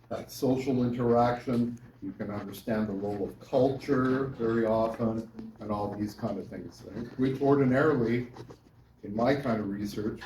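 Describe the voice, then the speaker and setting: A man's voice: lowish voice, dark tone, slight background noise. A male university lecturer giving a class lecture, talking with students and often checking in with "right?". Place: lecture hall. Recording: echoey classroom from far off.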